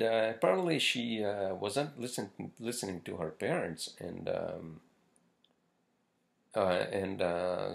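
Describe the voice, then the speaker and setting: A man hosts a casual solo podcast in a low, gravelly voice. He rambles and curses freely, with plenty of fillers and restarts. His pitch rises and falls in a lively way as he talks. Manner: rambling, profane, many fillers. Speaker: podcast host.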